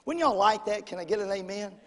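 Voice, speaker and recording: High-voiced preacher in a hall. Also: male voice, expressive, fast talker. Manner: call-and-response preaching, rising to emphatic bursts. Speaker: pastor. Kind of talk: sermon. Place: church sanctuary. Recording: echoey church hall.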